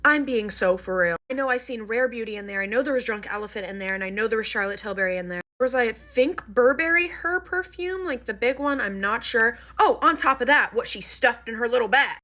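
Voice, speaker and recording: A young woman spins a storytime tale in a casual vlog, chatty and animated, words tumbling out between fillers. Her voice sits a little high and rings bright. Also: fairly quick, hardly any pauses.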